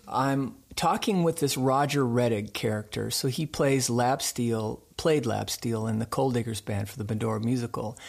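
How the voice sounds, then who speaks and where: A man who hosts a radio program, telling a folksy, rambling anecdote in relaxed conversation. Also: mid-range voice, vocal fry. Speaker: radio show host being interviewed.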